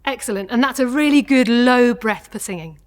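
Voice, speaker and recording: A woman with a fairly high voice leads a singing warm-up, talking learners through each exercise step by step. She shows each sound before asking them to copy it, and her tone stays encouraging throughout. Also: moderate pace. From England. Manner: encouraging, clear instructions, demonstrates sounds. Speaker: singing teacher. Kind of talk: vocal warm-up lesson.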